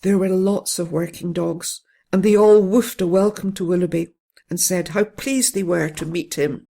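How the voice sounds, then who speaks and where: A storyteller reading a children's bedtime story in a gentle, steady way. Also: medium pitch, moderate pace, gravelly. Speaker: narrator.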